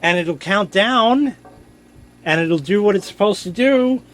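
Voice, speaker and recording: A man's voice: high-pitched, expressive, measured pace, fairly bright tone. A man casually showing an old gadget on camera, joking and mocking himself as he rambles. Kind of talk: casual show-and-tell.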